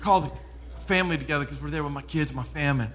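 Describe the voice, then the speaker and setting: A man in his thirties preaching a sermon as pastor, animated, swinging from loud preaching to hushed storytelling. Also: a little high, quick pace.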